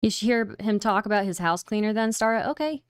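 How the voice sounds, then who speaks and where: A woman's voice: medium pitch, brisk, clean tone, dry recording, clean studio sound. A woman hosting a live stream, giving rambling, incredulous casual commentary with lots of fillers. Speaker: streamer host.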